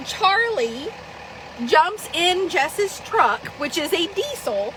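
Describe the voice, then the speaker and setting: A woman vlogging live in casual chat, swearing freely and laughing often as she tells animated stories. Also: very high-pitched, takes it slowly, background noise.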